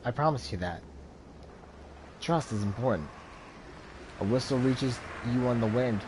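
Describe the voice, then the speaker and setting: A man's voice: medium pitch, lively intonation, unhurried, background noise. A man playing a video game, reading its dialogue and narration aloud in a dramatic way, with his own comments in between. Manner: dramatic reading, voicing different characters. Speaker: video game let's player.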